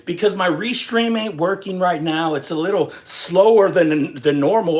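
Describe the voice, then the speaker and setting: Speaking at a moderate pace with few pauses, this young man from Texas has a voice that sits high. He's a livestream host ranting casually, cursing freely, cracking jokes and chatting with viewers in an animated, rambling way.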